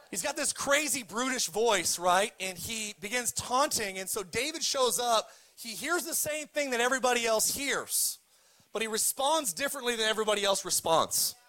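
A man's voice: sits high, pushed and bright. A man preaching a sermon as pastor, cracking jokes, retelling scripture casually and having the congregation repeat words back. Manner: joking, leads the congregation in call-and-response.

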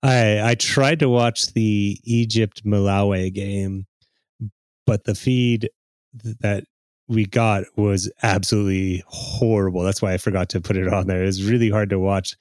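A man's voice: lowish voice, fairly even intonation, measured pace, a little mellow, dry recording. A man co-hosting a podcast, chatting casually about football with frequent fillers and restarts. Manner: chatty, hesitant with many fillers. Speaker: podcast co-host. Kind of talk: casual sports chat.

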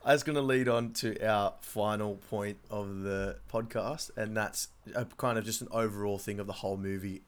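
Low-voiced Australian man co-hosting. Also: fairly even intonation, normal speed, hardly any pauses. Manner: chatty, steers the talk, laughs often. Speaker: podcast co-host. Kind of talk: casual film-review chat.

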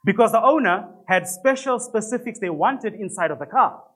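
High-voiced man preaching a sermon. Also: lively intonation, normal speed, fairly bright tone, husky. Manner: emphatic preaching with rhetorical questions; conversational, self-deprecating asides. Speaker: pastor. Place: church congregation.

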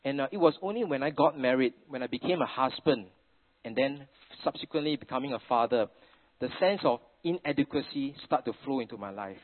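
A man's voice: medium pitch, lively intonation, a little fast. A middle-aged man from Singapore with a Singaporean English accent, preaching a sermon in a chatty storytelling way sprinkled with Singlish particles. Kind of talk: sermon with family anecdotes. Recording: tinny phone-like sound.

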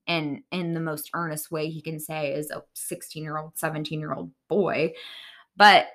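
A woman's voice: sits low, flat delivery, normal speed, fairly bright tone. A woman hosting a podcast, giving casual, opinionated commentary in a chatty, candid way, full of fillers like "like" and "um". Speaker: podcast host recapping reality TV.

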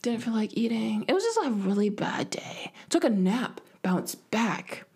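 A woman's voice: a little high, sing-song, unhurried, vocal fry, a little mellow, husky. A young woman hosting a solo podcast, telling a rambling, self-mocking story and acting out quoted lines in a whisper. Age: young adult. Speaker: podcast host. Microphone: home podcast mic.

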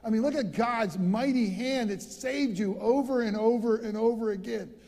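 A male pastor preaching an animated sermon in a church, repeating words as he gets fired up. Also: very high voice, moderate pace, big-room sound.

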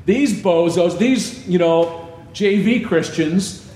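A preacher putting on a cocky, boastful disciple. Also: male voice, sits high, slow, mellow, voice pushed up. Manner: mocking, boastful. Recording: echoey room.

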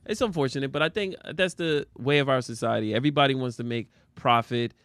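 A man's voice: medium pitch, fast, a bit bright, no room sound, studio quality. A man co-hosting a casual chat, a father who laughs often and teases his friend. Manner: laughs often, teasing exclamations. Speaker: podcast co-host; father of a son and daughter.

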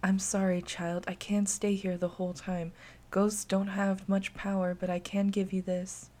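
Woman voicing a protective ghost girl, soft, calm, reassuring. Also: medium pitch, a little slow, close to an everyday voice. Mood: gentle.

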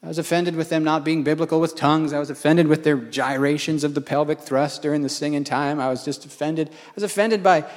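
Male preacher, fairly high voice, storytelling sermon, self-mocking, long reverb in a large hall. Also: fairly quick, hardly any pauses. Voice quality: animated, conversational, self-mocking.

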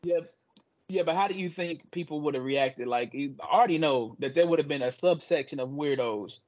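A man co-hosts a casual gaming podcast, his voice pitched a little high. He talks in an animated way and trash-talks his friends with swagger. The audio sounds dull and lo-fi. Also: moderate pace. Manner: animated, boastful trash talk. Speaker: podcast co-host. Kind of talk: casual chat.

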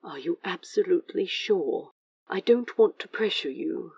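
A woman voicing a gentle, affectionate man who speaks softly and coaxingly, at times in a whisper, in a fan audio drama. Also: lowish voice, expressive, unhurried, husky, dry recording, far from the mic, exaggerated voice, low-quality recording. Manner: soft, tender, sometimes whispered.

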